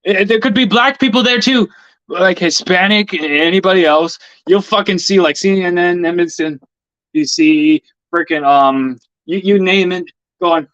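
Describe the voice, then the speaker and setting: A man's voice: sits high, moderate pace, a bit bright, no room sound. A man in a casual, heated rant, swearing often and stammering over repeated words. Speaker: vlogger. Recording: dull lo-fi dry recording.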